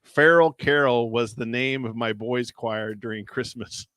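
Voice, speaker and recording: A man's voice: medium pitch, measured pace, a bit bright, dry recording. Man reading a gamebook aloud, dry sound. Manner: joking, reads story text aloud. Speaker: podcast co-host.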